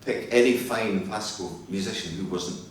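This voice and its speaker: Deep-voiced Scottish man in an echoey hall. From Scotland. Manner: reflective, measured explanations. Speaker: interview guest, fiddler. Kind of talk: live onstage interview. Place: hotel function hall. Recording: very echoey hall from far off, faint hum.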